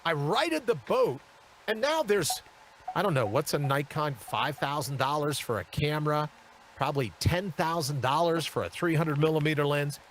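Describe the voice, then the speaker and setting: A man hosting a live talk show, telling a story in an animated way and acting out the people in it. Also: a little high, normal speed, slight background noise. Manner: animated, acts out the people in his stories. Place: studio.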